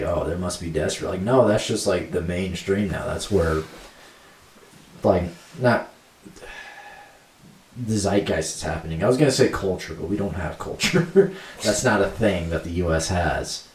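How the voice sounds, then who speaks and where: Young man, deep voice, rambling casual podcast talk, roomy echo, away from the mic. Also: darkish tone, distant mic, slight background noise. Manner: rambling, lots of fillers, laughs easily. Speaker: podcast co-host. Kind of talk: casual chat.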